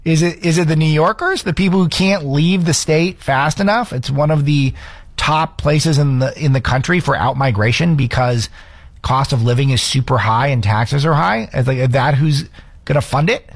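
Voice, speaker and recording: A man hosting an opinionated political commentary show, talking in a quick, sarcastic, emphatic way with frequent restarts. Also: fairly high pitch, dry recording.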